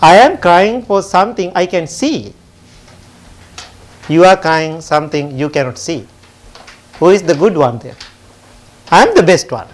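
A man voicing a calm heavenly being. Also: on the high side, measured pace, pauses often. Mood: wise. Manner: calm, instructive. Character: calm divine being, reborn son.

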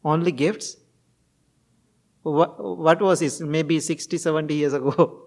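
A man giving a gentle, sermon-like talk, telling a moral story in simple, non-fluent English. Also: on the high side, steady tone, a little slow, gravelly.

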